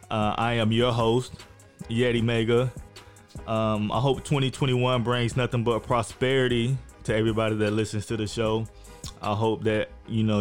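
A man hosts a casual podcast, speaking in a somewhat low, smooth and resonant voice. He talks in a laid-back, frank and profane way, with a faint bed of music underneath. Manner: laid-back, frank and profane, often says "you know what I'm saying". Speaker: podcast host.

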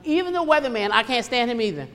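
A woman's voice: fairly high pitch, sing-song, fast talker, a bit bright. A woman preacher delivering a sermon, emphatic and repetitive, acting out the voices she quotes. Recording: long hall reverb.

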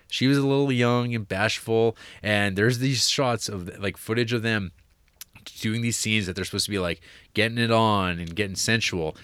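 A man's voice: on the low side, normal speed, a bit bright, no room sound. A man co-hosting a podcast, chatting casually about a movie, rambling with fillers, restarts and laughs. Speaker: podcast co-host.

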